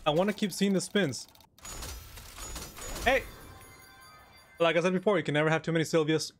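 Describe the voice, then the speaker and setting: Excitable high-voiced young man gaming. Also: normal speed, soft background music. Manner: excitable, joking, talks while eating. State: mouth full of cookie. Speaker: gaming YouTuber. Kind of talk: casual gameplay commentary.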